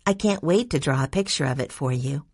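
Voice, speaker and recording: Woman doing a soft-spoken shy girl. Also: sits low, animated, a little fast, slightly rough, dry recording, studio quality, full character voice. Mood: sweet. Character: shy gentle young girl.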